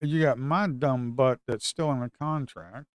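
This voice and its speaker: A man, commenting live on his own futures trades. He swings from shouting at the market to muttering to himself. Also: mid-range voice, a little slow, clear, resonant tone, dry recording, studio quality. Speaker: live trading streamer.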